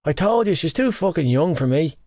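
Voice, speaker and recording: A man's voice: a little high, lively intonation, fairly quick, darkish tone, dry recording, pitched above the performer's own voice. An irritable teenage rugby player who growls and snaps back, as a male reader puts him on. His lines sit a little above the narrator's plain tone, clipped and short-tempered. The recording is dry and close. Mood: snappish. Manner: gruff, irritable, swearing. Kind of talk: audiobook character voice.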